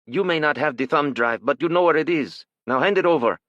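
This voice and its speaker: A man voicing a menacing male intruder who interrogates his captives slowly and coldly in an audiobook. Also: a little high, a bit bright, dry recording, muffled recording, voice pushed up, lightly acted. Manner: slow, cold, demanding.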